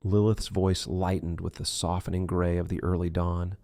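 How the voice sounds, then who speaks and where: A man reading an audiobook thriller in measured, dark scripted narration. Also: deep voice, level tone, creaky, no echo.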